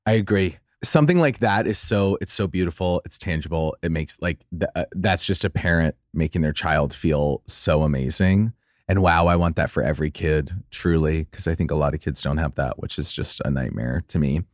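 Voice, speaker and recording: A podcast co-host with a cold chats casually in an effusive, gushing way, his voice swooping high when he gets excited, and he mentions being sick. He speaks at normal speed on a studio-quality recording with no room sound.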